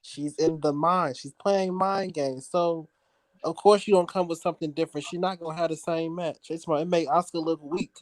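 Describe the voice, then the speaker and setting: Deep-voiced lady cohost, emphatic drawn-out talk, dry sound. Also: steady tone, darkish tone, dry recording. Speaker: podcast co-host. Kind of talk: casual chat.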